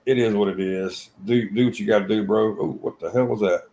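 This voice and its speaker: Blunt, low-voiced man trading live. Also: fairly even intonation, brisk, mellow, slight background noise, low-quality recording. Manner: blunt, swears freely, tells stories with quoted voices. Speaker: co-host of a live trading stream. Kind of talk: casual live-stream chat.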